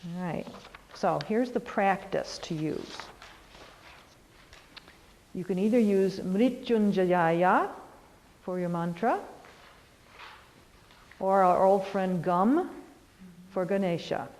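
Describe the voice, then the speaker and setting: A middle-aged woman yoga teacher guiding a lesson, gently encouraging and often checking in with "all right". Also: medium pitch, animated, takes it slowly, pauses often, long reverb tail, low-quality recording. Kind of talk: guided lesson on goals and mantra practice.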